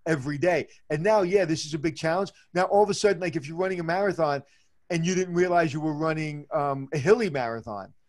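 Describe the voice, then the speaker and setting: A man co-hosting a casual chat, excitable and emotional, often stammering and restarting his sentences. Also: a little high, quick pace. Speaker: podcast co-host, hotel expert.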